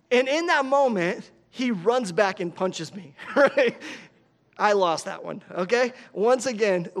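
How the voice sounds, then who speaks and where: A pastor in his thirties delivers a sermon with a notably high-pitched voice. He talks casually and animatedly, telling personal stories and checking in with listeners by asking "right?". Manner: conversational, animated storytelling with frequent "right?".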